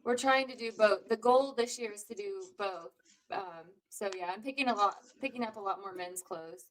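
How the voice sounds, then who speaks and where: A woman reseller in a casual chat, speaking modestly and softly. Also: mid-range voice, moderate pace. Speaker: guest reseller.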